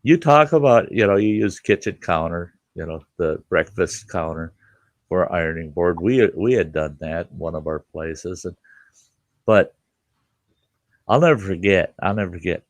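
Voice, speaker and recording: An older man holds forth on his show, animated and profane, laughing his way through the tale. His low voice swings widely in pitch, and it sits close and dry with no room sound. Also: moderate pace, dry recording. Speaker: podcast host. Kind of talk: casual storytelling chat.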